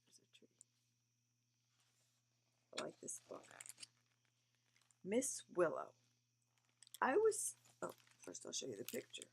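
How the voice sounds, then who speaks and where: A sleepy, yawning woman reading a picture book aloud to a young child, with gentle, chatty asides. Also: on the low side, wildly swooping pitch, slow pace, creaky, pauses often, a little hiss or hum. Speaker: reader to a child.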